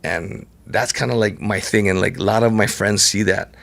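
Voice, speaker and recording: A man, a podcast guest telling stories in a relaxed, chatty way, laughing often and peppering his speech with "like" and "right?". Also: lowish voice, normal speed, vocal fry. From Hawaii. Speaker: podcast guest, multi-sport champion. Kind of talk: casual storytelling interview.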